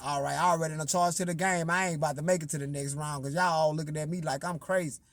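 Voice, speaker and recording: A man casually telling a personal story as a singer-songwriter, slangy and profane, swinging from loud outbursts to low asides and talking straight to his listeners. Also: fairly even intonation, fast, no echo.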